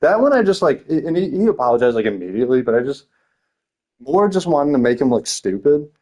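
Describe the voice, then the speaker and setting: A man's voice: medium pitch, sing-song, a little fast, a little mellow. A young man telling rambling stories in casual chat, laughing often, swearing and filling his talk with slang.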